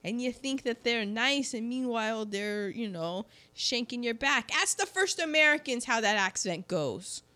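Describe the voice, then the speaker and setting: A woman with a slightly raised pitch talks casually with friends. She is animated and often drops into quick impressions of the people she describes. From California. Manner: animated, puts on voices when quoting people. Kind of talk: casual chat.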